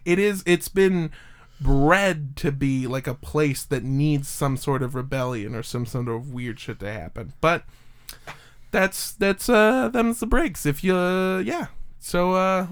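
Podcast host, male, slightly high, smooth voice, loose rambling delivery. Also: slow. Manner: rambling with fillers, jokey. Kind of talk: casual chat, telling a story.

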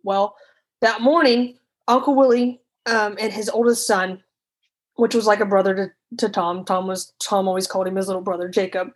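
Halting woman telling a personal story. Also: medium pitch, fairly even intonation, low-quality recording. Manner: halting, restarts and repeats, candid. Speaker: storyteller recounting her past.

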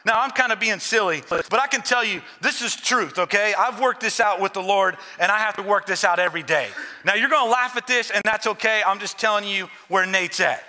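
Male pastor, high and very bright voice, chatty joking sermon delivery, long hall reverb. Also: fairly quick. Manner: conversational, joking preacher who turns earnest. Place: church sanctuary.

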